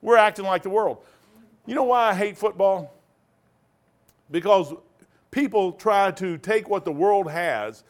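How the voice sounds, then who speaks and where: A man teaching a Bible study in a rambling sermon style, animated, often laughing and digressing, with sudden loud bursts. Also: high voice, a little slow, long pauses.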